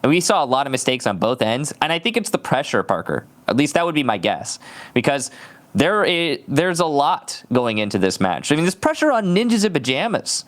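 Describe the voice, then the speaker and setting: Speaking fairly quickly in a voice on the high side, this man casts esports live, keeping it casual and conversational with lots of filler words. There is constant background noise in the recording.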